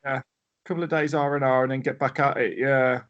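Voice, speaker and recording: A man's voice: medium pitch, fairly even intonation, fairly quick, a bit bright, muffled recording. A man with an English accent, a podcast guest chatting in an easygoing, agreeable way. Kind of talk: casual chat.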